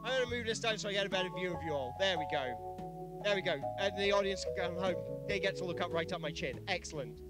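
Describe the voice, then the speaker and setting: A man's voice: sits high, fast talker, loud music behind the voice. A man performing a playful, hammy comic reading of a story on a festival stage, ad-libbing as he goes. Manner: playful, hammy, switching voices.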